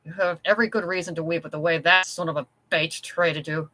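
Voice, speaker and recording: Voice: mid-range voice, steady tone, fairly quick, sharp tone, lightly acted. A reader voicing a blunt, protective chambermaid in an audiobook story. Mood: fierce. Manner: blunt, plainspoken.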